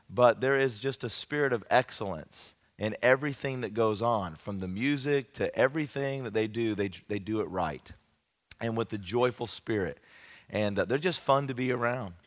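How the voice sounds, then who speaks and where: A man preaching at a youth camp, telling a funny story from his childhood with lively, folksy emphasis. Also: lowish voice. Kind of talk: evangelistic sermon with humorous storytelling. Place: large camp meeting room. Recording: long hall reverb.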